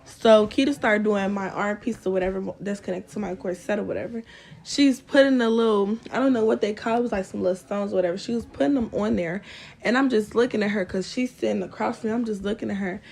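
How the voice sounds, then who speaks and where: A young woman vlogger tells her viewers a story in a quick, gravelly, mid-range voice with a darkish tone. Chatty and fed up, she addresses them as "y'all" again and again and pads her sentences with "or whatever."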